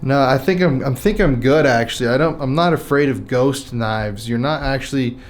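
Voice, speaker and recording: A man's voice: mid-range voice, moderate pace, echoey room, soft background music. A man investigating the paranormal, confronting and taunting a ghost, swearing now and then. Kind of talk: provoking a ghost during an investigation. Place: inside an old historic building at night.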